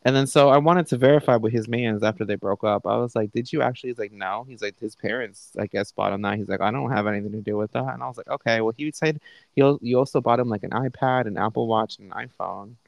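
A man's voice: mid-range voice, fast, vocal fry, no room sound, low-quality recording. A young man hosting a podcast at home, casually retelling a conversation with profane, candid asides. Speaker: podcast host. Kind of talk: casual storytelling. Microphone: live online call setup.

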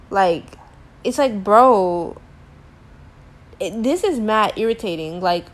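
Young woman ranting to her phone, fed up, slangy, kinda high voice, says like a lot. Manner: exasperated, slangy, rambling with many "like" fillers. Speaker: teacher. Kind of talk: casual storytime rant to camera.

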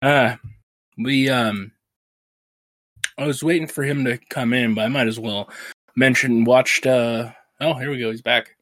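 A man's voice: medium pitch, measured pace, long pauses, no room sound, studio quality. A man co-hosting a podcast, stuffy from a sinus infection, telling stories with frequent laughter. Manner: laughing, animated storyteller. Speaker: podcast co-host. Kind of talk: casual chat.

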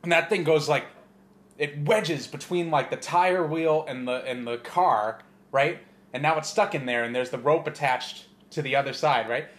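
A man co-hosting a podcast, telling movie stories in a profane, rambling, animated way. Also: fairly high pitch, moderate pace. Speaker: podcast co-host. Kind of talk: casual chat.

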